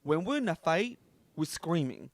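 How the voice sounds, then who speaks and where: A man's voice: a little high, very animated, normal speed, no echo. A man co-hosting a podcast in casual chat, teasing his co-host and laughing as he talks. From Latin American family.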